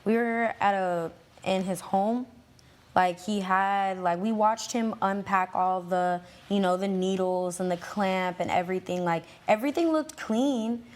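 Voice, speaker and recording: A woman's voice: mid-range voice, unhurried, a little mellow. A teenage girl testifying on a court show, hesitant and full of fillers as she tells her side. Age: late teens. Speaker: litigant's daughter.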